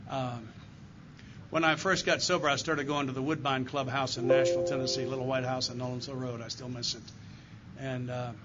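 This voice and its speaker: An older man gives an earnest, heartfelt recovery testimony straight to a meeting audience, speaking as an AA circuit speaker in a meeting room. His mid-range voice shows little pitch movement and moves a little fast. Background noise accompanies the dull, lo-fi live recording.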